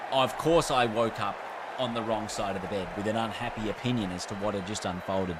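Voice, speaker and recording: A man's voice: fairly low pitch, background noise. An Australian man chatting casually on a live stream, reacting to a game and reading chat aloud. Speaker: gaming streamer.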